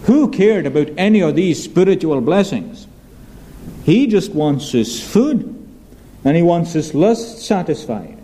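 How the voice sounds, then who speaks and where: A man's voice: a little high, sing-song, measured pace, warm tone, low-quality recording. A male preacher giving a sermon, emphatic, asking rhetorical questions and repeating key phrases.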